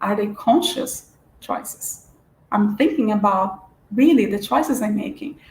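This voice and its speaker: A woman's voice: medium pitch, expressive, unhurried, a little mellow, a little hiss or hum. A woman giving a spiritual lecture in an earnest, searching way, with frequent restarts and fillers. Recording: echoey room.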